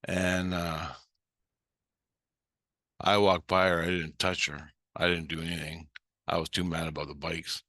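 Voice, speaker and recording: A man's voice: deep voice, little pitch movement, measured pace, pauses often, sharp tone, no room sound, studio quality. A man telling a story in a blunt, heated way, swearing constantly. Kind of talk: casual storytelling.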